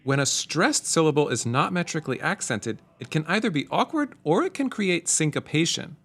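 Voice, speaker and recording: Lively-voiced man explaining music theory. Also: fairly high pitch. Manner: clear, measured explaining. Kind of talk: explanatory lesson narration.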